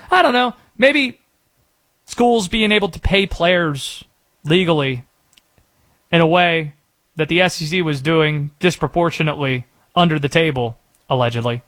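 Sarcastic, animated sports radio man. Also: a little high. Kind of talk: opinionated sports talk radio.

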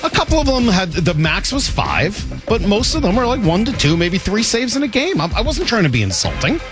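Lively talk-radio host man. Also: high-pitched, brisk, music in the background. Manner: animated, defensive, joking. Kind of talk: casual sports talk.

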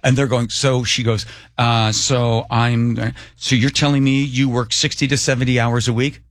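Animated male radio host telling a story. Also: normal speed, no room sound. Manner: animated, acts out quoted voices, jumps pitch for emphasis. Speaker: radio talk show co-host. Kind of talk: casual storytelling on air.

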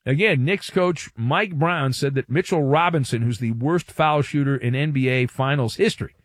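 A man's voice: mid-range voice, normal speed, no room sound, studio quality. A man hosting a sports talk radio show, delivering a wry, theatrical monologue and stretching words for effect.

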